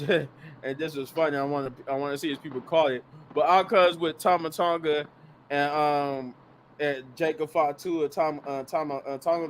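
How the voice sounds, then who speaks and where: Animated laughing man recapping. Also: fairly high pitch, slight background noise. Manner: animated storyteller, laughs easily. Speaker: podcast co-host. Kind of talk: casual wrestling recap.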